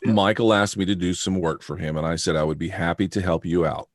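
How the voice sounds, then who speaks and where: A man's voice: low voice, brisk, no echo, clean studio sound. A man co-hosting a casual live chat, teasing his friend while patiently explaining things to the audience.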